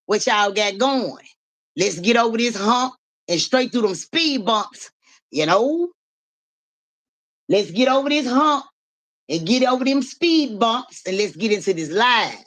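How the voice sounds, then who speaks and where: Woman streamer hosting her live show, loud repetitive hype chants, salty mouth, mid-pitched voice. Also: animated, a little slow.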